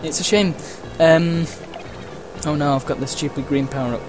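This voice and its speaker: A man's voice: fairly high pitch, steady tone, moderate pace. Chatty man narrating a racing game. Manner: chatty and rambling, with frequent uhs and playful exclamations. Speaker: gameplay commentator. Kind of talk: casual let's-play commentary. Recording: game music and sound effects behind the voice.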